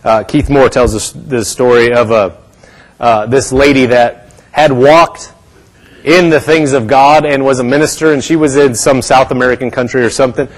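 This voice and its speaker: A man's voice: mid-range voice, fairly even intonation, moderate pace, poor audio. A man preaching a sermon, telling a story and acting out the people in it, from bold declarations down to whispers. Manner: acts out quotes, dropping to a whisper for a sick woman.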